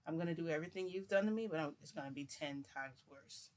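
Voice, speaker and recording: A man voicing a menacing, vengeful male villain who makes low threats. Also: fast, close to an everyday voice.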